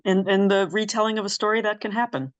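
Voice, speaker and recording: A woman's voice: mid-range voice, level tone, fast talker, muffled recording. A woman hosting an interview, asking questions and affirming the guest often. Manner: warm affirming listener, frequent mm-hmms. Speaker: podcast host and interviewer. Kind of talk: casual interview chat.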